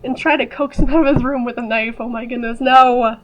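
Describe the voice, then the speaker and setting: A woman with a fairly high voice reads a game's narration aloud and keeps cutting in with playful, chatty jokes. Her voice sounds a little off, as if she is just over a cold. Faint music plays behind her. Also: steady tone, a little fast, dull audio. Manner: playful, chatty asides between read-out passages. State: voice slightly off after a recent cold. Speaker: gaming video host. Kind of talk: reading game text aloud with joking commentary.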